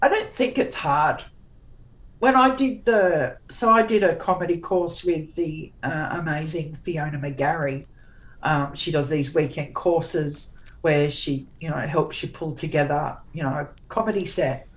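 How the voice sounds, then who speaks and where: A middle-aged woman with a low voice, chatting as an interview guest. She is blunt and sarcastic, and she often circles back and restarts her sentences as she talks. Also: a little slow, poor audio. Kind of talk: casual conversational interview.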